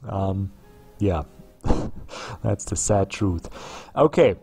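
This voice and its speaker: A man's voice: low-pitched, animated, very slow, mellow, husky, soft background music. A man giving casual let's play commentary on a strategy game, musing aloud with frequent ums and restarts. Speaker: gameplay commentator.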